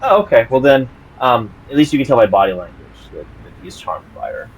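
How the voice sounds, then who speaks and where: A man narrating as game master of a tabletop game, halting with many fillers and restarts. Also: medium pitch, sing-song, slight background noise, poor audio.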